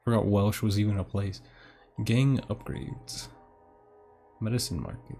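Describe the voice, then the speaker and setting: A man's voice: lowish voice, expressive, a little slow, creaky, dark tone. Laid-back man commentating his gameplay. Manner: laid-back, swearing, reacting aloud. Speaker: streamer. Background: game music.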